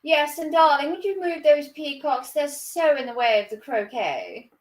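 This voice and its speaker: A woman's voice: high voice, lively intonation, moderate pace, far from the mic, voice pushed up. A woman voicing a haughty, fussy upper-class English lady with an affected drawl.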